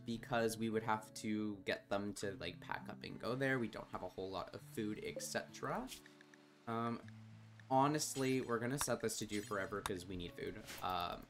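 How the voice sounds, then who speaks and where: A man with a lowish voice streams a colony-building game, chatting and reading game text aloud as casual gameplay commentary. He quickly grows exasperated with his colonists, swearing and then apologizing.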